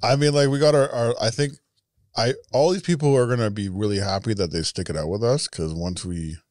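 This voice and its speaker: A young man co-hosting a podcast, talking casually in halting, restarting phrases. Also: lowish voice, a little mellow, dry recording, clean studio sound. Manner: halting, restarts, laughs often. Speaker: podcast co-host. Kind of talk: casual chat.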